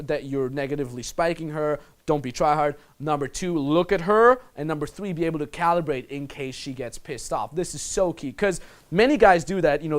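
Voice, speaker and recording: A man coaching the listener on dating in a casual, blunt manner, swearing freely and calling the listener "my friend". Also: on the high side. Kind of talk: instructional monologue.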